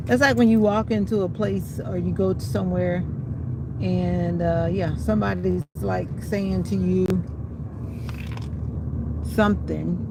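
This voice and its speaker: A woman's voice: mid-range voice, steady tone, unhurried, vocal fry. A woman chatting on a livestream while driving, singing little bits of songs to herself. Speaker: livestream host. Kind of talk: casual chat while driving. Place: in a car. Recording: noisy car livestream.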